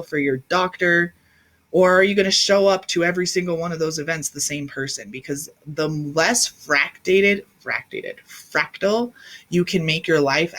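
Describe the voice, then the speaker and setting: A woman's voice: lowish voice, fairly bright tone. Woman in her 30s hosting a spiritual livestream, intense and rambly, answers viewers, phone or webcam mic. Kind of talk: casual spiritual livestream talk.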